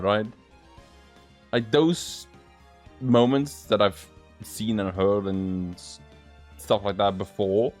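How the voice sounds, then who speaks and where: Rambling man with a lively voice. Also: on the low side. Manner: rambling, full of filler words. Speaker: gaming channel host. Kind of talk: casual let's-play commentary.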